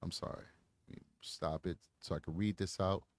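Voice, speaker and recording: A man hosting a live commentary stream, talking in an animated, slangy, emphatic way. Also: deep voice, moderate pace, dry recording, studio quality. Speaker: livestream commentary host.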